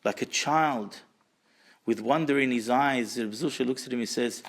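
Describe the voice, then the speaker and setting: Gravelly-voiced man teaching a Torah class. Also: medium pitch, moderate pace. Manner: animated, asks the audience questions, repeats words while searching; mixes in Hebrew and Aramaic terms. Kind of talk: Torah class lecture with storytelling.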